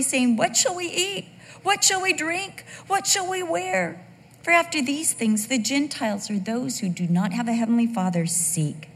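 A woman preacher delivering a sermon in an animated, joking way. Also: mid-range voice, long reverb tail.

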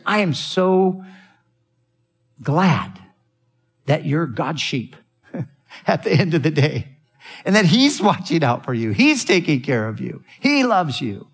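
A man's voice: on the high side, very animated, unhurried, long pauses, breathy edge. A man preaching a sermon as a pastor, earnest, repeating phrases and restarting sentences.

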